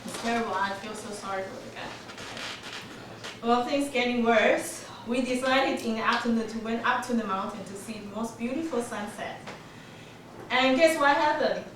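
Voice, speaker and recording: Woman in her 40s, club storyteller; higher voice, lively and laughing, noisy recording. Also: moderate pace. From Taiwan. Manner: laughs often, lively telling with small grammar slips. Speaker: club speaker. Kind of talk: prepared storytelling speech. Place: meeting room. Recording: echoey room from far off, noisy.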